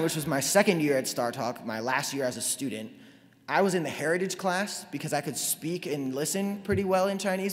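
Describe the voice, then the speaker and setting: A man in his twenties from North Carolina, giving a lively, self-deprecating storytelling talk to an audience. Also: a little high. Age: 20s. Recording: long hall reverb.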